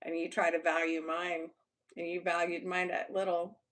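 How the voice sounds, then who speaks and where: A woman's voice: fairly low pitch, flat delivery, normal speed, a bit bright. A young Texan woman chatting casually with viewers on a live stream, blunt and loose, swearing and laughing often. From Texas. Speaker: YouTuber.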